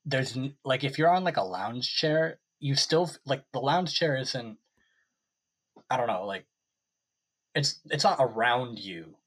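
A young man co-hosts a casual sports podcast, rambling in casual chat with plenty of likes, fillers, and restarts. His mid-range voice is unhurried, a bit bright, and breathy-edged, with lively intonation.

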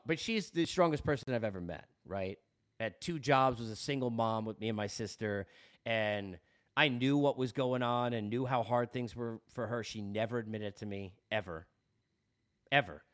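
A podcast host with a Long Island New York accent delivers an earnest, candid personal monologue. His mid-range voice moves at a moderate pace, and he often repeats words as he goes.

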